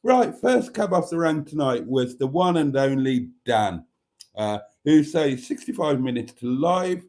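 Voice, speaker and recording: A British man hosts a chatty live stream in a camp, theatrical, teasing manner, calling his viewers darlings. His voice is mellow, and his nose sounds stuffy. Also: medium pitch, expressive, unhurried. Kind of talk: casual live stream chat.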